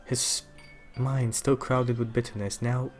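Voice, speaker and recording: A man improvising a story aloud during a tabletop game, narrating slowly and haltingly. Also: mid-range voice, little pitch movement, soft background music. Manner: slow, halting narration with restarts.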